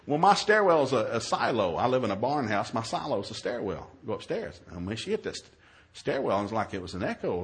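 A man who is a minister, telling a humorous story in a sermon, acting out his own yelled lines in a raised voice. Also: brisk. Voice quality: animated, shifts to high yelling quotes.

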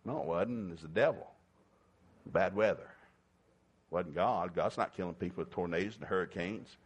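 An older man preaching a folksy sermon, telling homespun stories with lively, emphatic bursts. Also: sits low, a little fast, breathy edge.

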